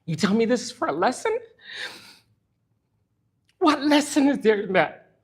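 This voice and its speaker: A man's voice: very high voice, big pitch swings, a little slow, slightly rough. A middle-aged man teaching a church Bible study, speaking earnestly and emotionally about personal pain. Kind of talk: impassioned church lesson.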